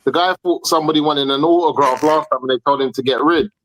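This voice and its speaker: A man's voice: on the high side, fairly even intonation, quick pace, fairly bright tone, poor audio. A man arguing his point emphatically in a heated football debate, repeating himself for stress.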